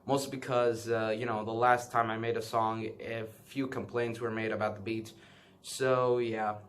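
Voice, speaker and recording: A man's voice: mid-range voice, fairly bright tone, slight background noise. A man casually showing his banknote collection on a vlog, rambling and hesitant, with many filler sounds, self-corrections and apologies for what he does not know. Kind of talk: casual show-and-tell.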